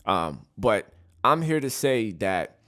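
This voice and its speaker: Speaking slowly but very animatedly, a man with a fairly low, sharp-toned voice hosts a casual solo podcast. Opinionated, he keeps restarting his thoughts and tacking on "right?" again and again.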